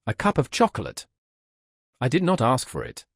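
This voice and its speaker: A man's voice: mid-range voice, wildly swooping pitch, normal speed, husky, dry recording, studio quality. A man reading the part of a deferential male valet in an audiobook, with polite, dutiful replies.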